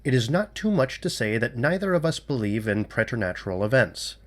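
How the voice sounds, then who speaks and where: A cool-headed male detective walks through his deductions in a measured, lecturing manner, read by a man in an audiobook. His delivery rises and falls with lively, expressive pitch. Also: lightly acted. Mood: reasoning. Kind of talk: audiobook reading.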